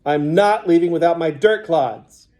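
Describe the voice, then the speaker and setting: A man's voice: fairly high pitch, measured pace, a little mellow, voice pushed up, lightly acted. A man voicing a stubborn, upset young boy who talks angrily in an audiobook. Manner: petulant, angry. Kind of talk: audiobook character voice.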